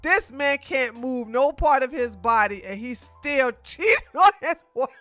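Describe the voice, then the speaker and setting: Bright-voiced woman streamer, animated and laughing. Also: high voice, measured pace, faint music behind. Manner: animated, laughing often, frequent restarts. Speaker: streamer reviewing a show. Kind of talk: casual livestream commentary.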